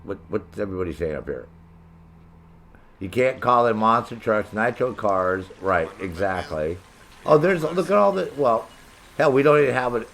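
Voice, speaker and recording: A man's voice: lowish voice, lively intonation, normal speed, vocal fry, fairly bright tone. Brash, profane male game streamer. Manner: brash, profane, joking banter with chat. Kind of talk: live gameplay commentary.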